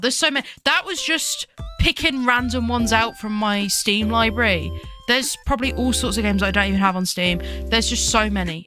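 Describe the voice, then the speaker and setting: Bright, giggly young woman streaming. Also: medium pitch. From United Kingdom. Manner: rambling, chatty, giggles often, greets chat excitedly. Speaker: VTuber streamer. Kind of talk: casual live-stream chat.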